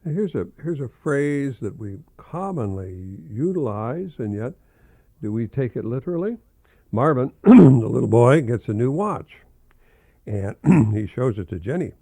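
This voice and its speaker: An older professor hosting a radio talk, reading children's jokes aloud in a rambling, fond way and chuckling often. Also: male voice, mid-range voice, very animated, measured pace, mellow, dry recording.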